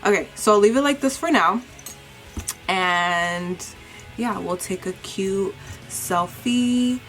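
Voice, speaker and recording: A woman's voice: medium pitch, takes it slowly, fairly bright tone, faint music behind. A young woman chatting casually in a beauty vlog, cursing freely and mocking herself. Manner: swearing, chatty and self-mocking. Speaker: beauty vlogger.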